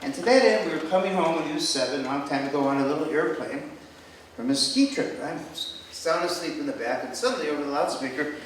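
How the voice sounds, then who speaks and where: A man's voice: fairly high pitch, quick pace, slight background noise. An older American man, a retired doctor, telling a story in a stand-up routine at a live venue, with audience laughter behind. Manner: storytelling, animated. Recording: echoey, from a distance.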